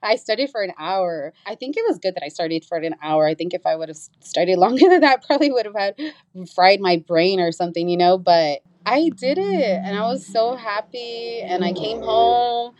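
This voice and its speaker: A woman's voice: normal speed, dry recording, lo-fi sound. A young woman telling a personal story in a casual, earnest way as an interview guest. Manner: animated, acts out quoted voices with big pitch jumps; earnest, reflective.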